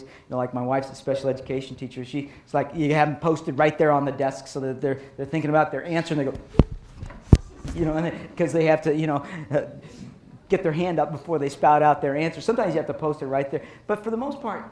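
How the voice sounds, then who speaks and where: A middle-aged man giving a professional development talk to educators, telling lively stories and acting out teachers and kids. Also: a little high, fast. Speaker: speaker on child behavior for educators. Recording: roomy echo.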